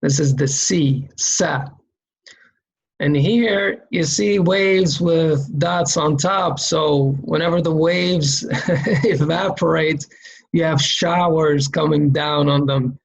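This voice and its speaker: A man gives a step-by-step reading lesson at an unhurried pace. His voice has a gravelly, creaky texture. He repeats each sound so it sticks and keeps checking in with the learner. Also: a little high, fairly even intonation, low-quality recording. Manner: patient, explains slowly and checks in with "okay?"; demonstrates sounds by repeating them. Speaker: Quran reading teacher. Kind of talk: step-by-step lesson explaining letter shapes and sounds.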